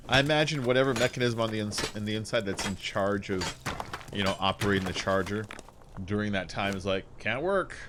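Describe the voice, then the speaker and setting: A man's voice: lowish voice, steady tone, a little fast, fairly bright tone, a little hiss or hum. A man streaming from home, chatting casually in a rambling way, often laughing and mimicking voices. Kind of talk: casual chat. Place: small room at home.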